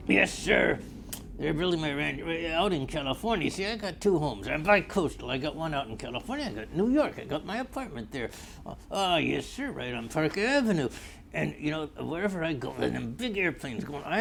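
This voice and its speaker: A man's voice: a little high, gravelly, a bit bright, a little hiss or hum. An older man in a rambling, blustery comedic monologue, easily sidetracked and arguing with imagined callers. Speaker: comedy character newscaster.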